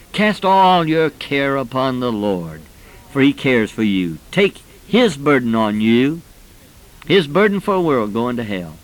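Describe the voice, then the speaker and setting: Middle-aged male preacher, fervent sermon delivery, mid-pitched voice that climbs when stirred. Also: low-quality recording. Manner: fervent, with impassioned rising pitch.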